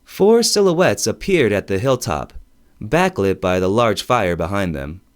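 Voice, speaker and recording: Brief: male first-person audiobook narrator, lowish voice, lively rising and falling delivery, wry. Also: measured pace. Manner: expressive, wry storytelling.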